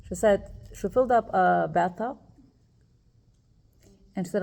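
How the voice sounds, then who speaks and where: Woman, gravelly voice, emotional storytelling, quotes dialogue, speaking to women. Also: mid-range voice, a little slow, darkish tone. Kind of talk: personal storytelling talk.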